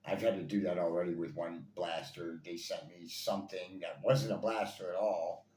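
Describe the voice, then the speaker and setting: A deep-voiced man with a darkish tone and fairly even intonation talks at a moderate pace, eagerly reviewing toy blasters in a loose, repetitive style heavy with fillers. Slight background noise and faint ambience fill the echoey room.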